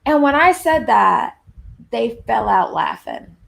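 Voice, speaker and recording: A woman in her fifties with a Southern accent, giving an animated presentation with emphatic shifts in pace. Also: fairly high pitch, slow pace, creaky. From Long Island, New York. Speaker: speaker on workplace anti-racism. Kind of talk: presentation to an audience.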